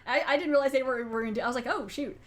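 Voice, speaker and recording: A woman's voice: high voice, racing. Chatty woman podcast host. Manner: animated, chatty retelling of plot. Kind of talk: casual film review chat.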